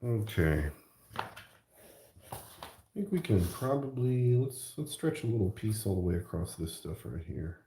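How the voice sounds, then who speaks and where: A man's voice: fairly low pitch, sing-song, measured pace, long pauses, dark tone, reverberant, a little hiss or hum. A middle-aged man chatting casually while he works on a craft project, rambling and joking at his own expense. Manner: rambling, self-mocking, jokey. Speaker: art channel host.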